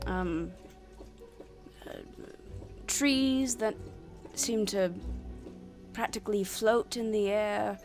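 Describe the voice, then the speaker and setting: A woman's voice: mid-range voice, extremely slow, pauses often, darkish tone, faint music behind. A woman voicing an eccentric elderly male turtle shopkeeper who rambles a little and gets a bit defensive about being called the town crank. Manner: rambling, slightly defensive, talks of himself as the town kook.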